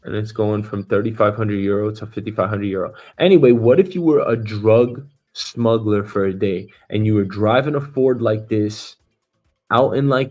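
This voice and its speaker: A man's voice: fairly low pitch, darkish tone. A man hosting a news talk stream as a comedian, rambling and swearing freely, with lots of filler words. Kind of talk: casual profane commentary.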